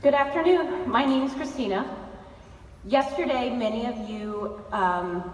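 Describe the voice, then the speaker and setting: Woman fan at the mic, slow and amused, echoey hall, from afar with crowd. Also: a little high, recorded from a distance, slight background noise. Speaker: audience member asking a question. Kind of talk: asking a question at a mic. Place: large convention hall.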